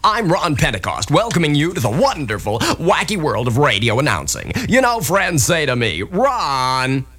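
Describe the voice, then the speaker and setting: A man playing a pompous, cheesy male radio announcer in a comedic spoof ad, with a booming, overly emphatic delivery. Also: big pitch swings, moderate pace, few pauses, sharp tone, full character voice. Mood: hammy.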